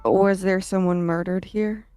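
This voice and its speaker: A woman's voice: medium pitch, fairly even intonation, measured pace, warm tone, clear, resonant tone, no room sound, faint music behind. A woman from Boston playing a tabletop game, teasing the others with jokes and swearing. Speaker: player. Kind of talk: casual tabletop game chat.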